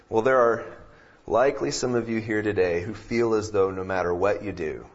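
A man's voice: lowish voice, muffled recording. A man preaching a sermon as pastor to his congregation, reading scripture, praying and telling jokes. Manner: reads scripture, prays, then preaches with jokes. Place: church sanctuary with congregation.

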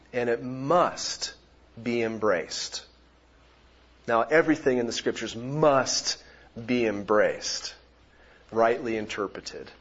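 A husky male pastor preaches at an unhurried pace, lingering over his words as he explains scripture. His voice carries a slightly breathy grain, and the recording sounds dull and lo-fi. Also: medium pitch. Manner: animated, shifting from quiet explanation to loud exclamations. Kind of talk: sermon.

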